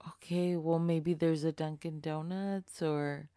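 Low-voiced woman guest, earnest. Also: fairly even intonation, slow pace, mellow, clean tone, no echo, studio quality. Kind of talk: casual improvised chat.

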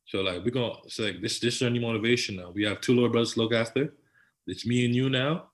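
A man's voice: mid-range voice, steady tone, fast talker. A man, telling a personal story as a podcast guest in an earnest, slang-filled, repetitive way. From Toronto, Canada. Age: 20s. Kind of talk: personal storytelling in casual conversation.

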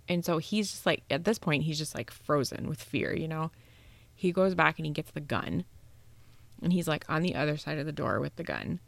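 A woman podcast host telling a ghost story in casual chat, animated and swearing freely, acting out the voices she quotes. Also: deep voice, creaky, no echo.

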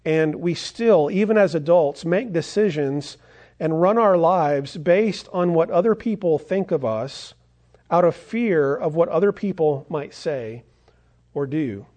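Brief: male pastor, sermon delivery, earnest storyteller, slightly high voice. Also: expressive, unhurried, darkish tone.

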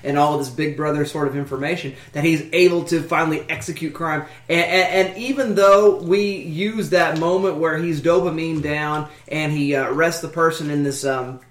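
A man hosting a podcast, arguing casually about a movie and often repeating his words. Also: on the high side. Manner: halting, repeats words, gets brighter and more animated in the sign-off. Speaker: podcast host. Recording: roomy echo.

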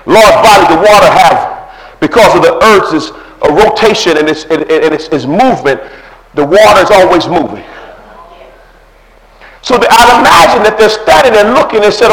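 A pastor preaching a sermon with impassioned, shouting delivery. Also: male voice, high-pitched, animated, moderate pace. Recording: echoey room.

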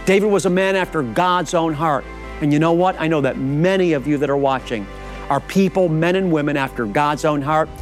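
A man's voice: on the high side, a little fast, faint music behind. A man preaching a fervent sermon, leading listeners in bold declarations of prayer and calling them beloved. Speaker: rabbi preaching.

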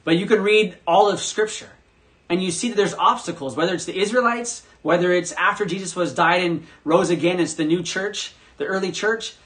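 A man preaching a sermon as pastor, animated, acting out the quoted voices with sudden loud bursts. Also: sits high, normal speed.

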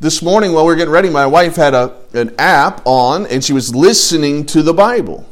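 A man preaching a sermon as pastor in a conversational way, often dropping to quiet asides. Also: on the high side, expressive, a little fast.

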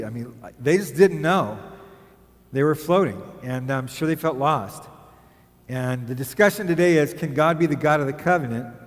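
A man pastor preaches in a loose, chatty way, drifting into jokes and asides. His voice sits fairly high for a man. A long reverb from a large church sanctuary trails after his words. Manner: jokey, rambling and chatty. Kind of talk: conversational sermon.

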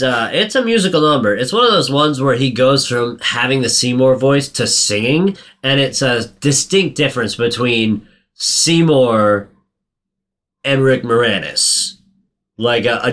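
Animated man retelling a film, swearing. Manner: animated storyteller, swears, acts out quotes in a high voice. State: sore throat. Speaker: podcast co-host recapping a film. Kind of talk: casual chat.

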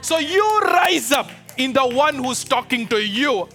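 A man with a high, bright voice preaches a fervent sermon, calling out to his congregation and pressing them to answer. Soft music runs underneath his voice. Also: animated, unhurried. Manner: fervent, exhorting, calls out to the congregation. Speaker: pastor. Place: church with a live congregation.

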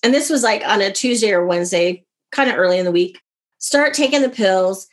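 Sounding animated, a guest author from America shares a personal anecdote during an interview, performing the lines of dialogue as she goes. Her pitch is medium and she talks a little fast.

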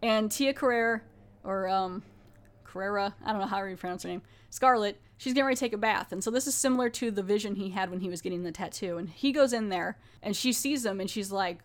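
Brief: woman podcast host, casual recap, chatty with lots of fillers, mid pitch. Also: quick pace. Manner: chatty, filler-heavy, often restarts.

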